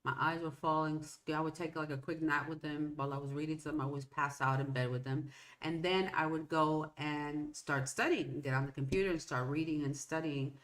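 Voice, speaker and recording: Fifties woman hosting her own show, lowish voice, chatty and meandering. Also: a bit bright. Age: 50s. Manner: rambling, conversational, frequent restarts. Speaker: podcast host. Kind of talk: personal storytelling monologue.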